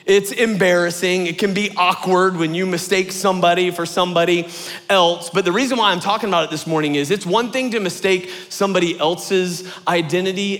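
A young adult man, a lead pastor, preaching a sermon as an animated storyteller who acts out quotes in a high voice. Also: brisk. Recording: long hall reverb.

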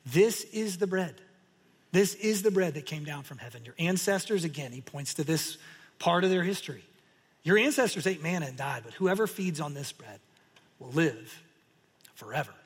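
Pastor, male, high husky voice, lively storytelling sermon, long hall reverb. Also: moderate pace. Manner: animated storytelling, acting out crowd reactions.

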